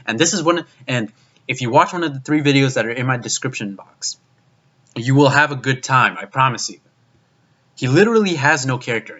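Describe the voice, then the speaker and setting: A man's voice: medium pitch, a bit bright. A young man delivering a profane, exasperated video review rant, with frequent restarts. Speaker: anime reviewer. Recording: dull lo-fi recording.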